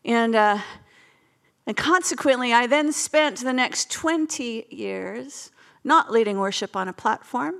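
A woman's voice: on the high side, measured pace, creaky, a bit bright. A woman, preaching a sermon in a self-deprecating, storytelling way.

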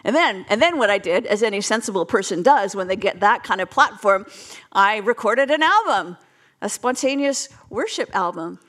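A woman's voice: mid-range voice, lively intonation, moderate pace, fairly bright tone. A woman, preaching a sermon in a self-deprecating, storytelling way.

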